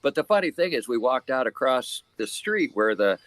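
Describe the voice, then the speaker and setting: A man from Hawaii, a protest organizer, telling stories in an animated, casual way on a video call. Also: mid-range voice, moderate pace. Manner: animated storyteller, chants loudly when retelling. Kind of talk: casual livestream chat.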